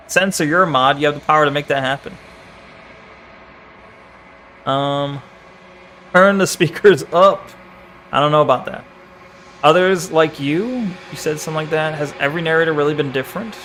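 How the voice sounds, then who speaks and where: A playful young man commenting as he streams a game. His voice sits fairly high. A faint hum runs behind him. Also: a bit bright. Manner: playful, chatting to viewers by name. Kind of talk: live gameplay commentary.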